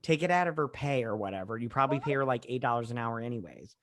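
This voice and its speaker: A woman co-hosting a casual, drunk movie-review podcast, retelling scenes in a profane, animated way with acted-out asides. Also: very deep voice, fast talker, a little hiss or hum. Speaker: podcast co-host.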